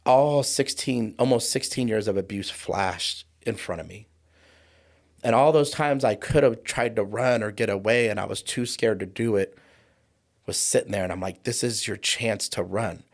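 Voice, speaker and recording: A guest on an interview show, a trauma coach in his forties, tells a personal story with vivid flair, performing the voices of the people in it. His voice sits lowish and has a creaky quality.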